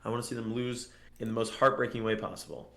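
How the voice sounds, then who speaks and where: A man's voice: medium pitch, steady tone, quick pace, vocal fry, sharp tone, echoey room, a little hiss or hum. A man co-hosting a sports podcast, earnest and building to heated frustration with hesitant restarts. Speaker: podcast co-host. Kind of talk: casual sports chat.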